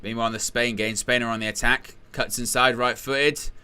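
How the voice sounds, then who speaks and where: Male watchalong host: casual match chat, bright and sharp, crisp delivery. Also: mid-range voice, steady tone, brisk. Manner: casual, rambling, jokey asides. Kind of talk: live match watchalong commentary.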